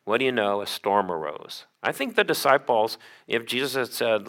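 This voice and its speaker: A man's voice: medium pitch, animated, normal speed, fairly bright tone. A male pastor preaching a sermon to his congregation, asking them questions and joking with them. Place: church sanctuary.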